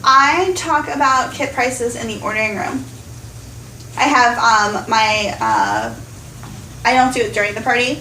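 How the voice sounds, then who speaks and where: Chatty high-voiced woman, echoey distant recording. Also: very animated, a little slow, bright, forceful tone. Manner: chatty, laughing, acts out customers' voices. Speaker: team leader of home party sellers. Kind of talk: casual team meeting talk. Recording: far-off echoey room recording with faint noise.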